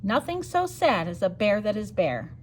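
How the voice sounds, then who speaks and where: A woman's voice: mid-range voice, very animated, normal speed, slight background noise, lightly acted. A woman voicing a complaining male bear in a storybook, speaking in rhyme. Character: grumbling male bear who lost his hair.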